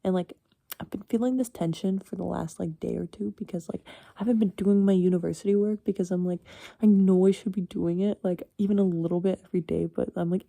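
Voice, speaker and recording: Gravelly, dark-toned young woman rambling. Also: lowish voice, steady tone, fast talker, no room sound. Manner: rambling, frank, swears freely, chuckles often. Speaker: university student. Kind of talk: casual late-night solo chat.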